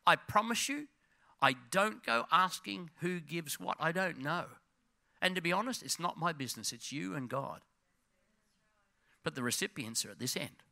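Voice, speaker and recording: A middle-aged male pastor preaching a sermon in a church, swinging between loud urging and hushed, intense passages. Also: on the high side, expressive, normal speed, gravelly.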